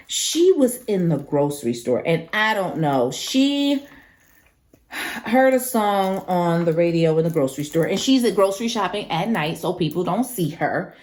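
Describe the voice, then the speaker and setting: A woman's voice: on the low side, expressive, unhurried, darkish tone. A young woman hosting a crafting channel, chatting casually and emphatically with lots of slang while she works.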